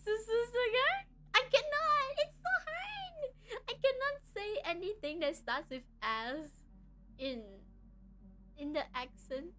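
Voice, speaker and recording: A woman's voice: very high-pitched, bright, forceful tone. A young woman with a Malaysian English accent, chatting casually on a live stream and giggling between sentences.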